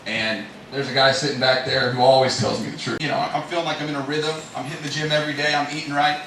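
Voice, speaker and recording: A man's voice: medium pitch, flat delivery, fast, fairly bright tone. A man from Utah, a business owner, sharing a self-mocking personal story and earnest advice with a group. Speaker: financial planning firm president. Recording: echoey room, distant mic, room noise.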